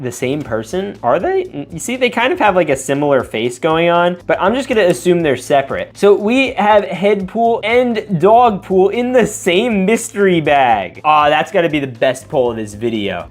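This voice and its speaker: Excitable young man with bouncy, lively pitch. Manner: excitable, slangy, quick exclamations. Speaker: toy unboxing vlogger. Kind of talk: casual unboxing narration.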